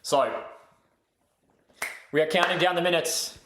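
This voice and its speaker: A young man hosting a live football watchalong, calling the play casually and breaking into excited high cheers. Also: unhurried, slight background noise. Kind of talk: excited live match commentary to chat viewers. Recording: echoey room.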